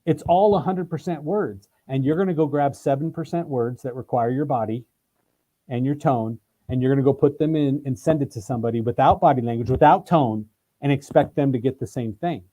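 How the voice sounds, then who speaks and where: Energetic man teaching on a video call. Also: mid-range voice, brisk, rough recording. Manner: energetic, emphatic, acts out examples in voices. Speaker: sales trainer. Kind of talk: interview guest, animated teaching.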